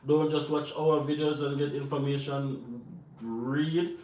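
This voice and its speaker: A Jamaican man co-hosts a live Q&A chat, answering viewer questions with earnest advice and repeating points for emphasis. His voice is a little high, steady, slightly slow and a little mellow. The recording sounds roomy and distant from the mic, with faint noise.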